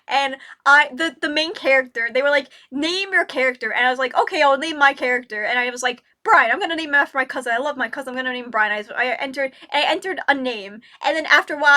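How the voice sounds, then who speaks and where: A young woman vlogger telling a personal story in a rambling, halting way, full of restarts and filler words. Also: high-pitched, sharp tone.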